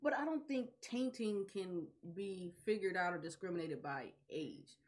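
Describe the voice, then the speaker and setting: A woman co-hosting a casual anime chat, animated and quick to laugh, acting out quotes as she talks. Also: lowish voice. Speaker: podcast co-host.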